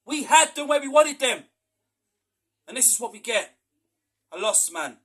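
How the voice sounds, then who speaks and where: A man with a strikingly high voice and a bright, tense tone rants through a post-match fan reaction. He sounds exasperated and keeps repeating his points. He sometimes breaks into shouts. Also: animated, a little slow. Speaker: football fan podcast host.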